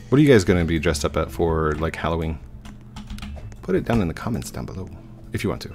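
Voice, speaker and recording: A man's voice: low voice, expressive, quick pace, creaky, long pauses, a little mellow, faint music behind. A man casually chatting to viewers as he builds in a game, easygoing and talking to himself as he goes. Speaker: gaming YouTuber. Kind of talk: casual let's-play commentary.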